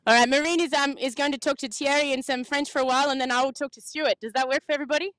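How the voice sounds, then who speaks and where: A high-pitched woman hosts a lively dock walk, bouncing from crew to crew with playful questions and frequent laughter. Her voice sits close and dry on the mic despite the open marina around her. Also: rapid-fire, dry recording. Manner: bubbly, laughs often, playful. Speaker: sailing reporter, host. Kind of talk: casual on-the-spot interviews.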